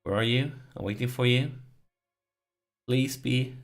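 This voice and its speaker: A man's voice: medium pitch, normal speed, vocal fry. A man commenting on his strategy game as he plays, pleading with it and groaning when it goes wrong. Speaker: let's play host.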